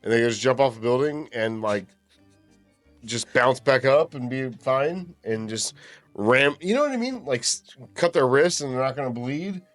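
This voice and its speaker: A man co-hosting a loose movie talk show, cursing freely as he recaps scenes. His voice swings widely in pitch. The sound is dry and close, with faint music underneath. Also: moderate pace, dry recording. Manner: profane, animated retelling with filler words. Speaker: podcast co-host. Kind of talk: casual movie discussion.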